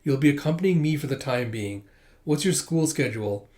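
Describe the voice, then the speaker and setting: A man's voice: medium pitch, expressive, a little fast, a little mellow, close to an everyday voice. A man playing a stern, formal senior apprentice. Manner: formal, clipped, lecturing. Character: stern strict male senior apprentice storyteller.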